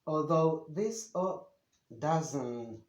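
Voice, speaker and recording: A patient male Spanish teacher gives a beginner language lesson at a whiteboard in a roomy, echoing room. His voice sits on the high side and sounds animated, though he speaks slowly and patiently with many pauses and fillers.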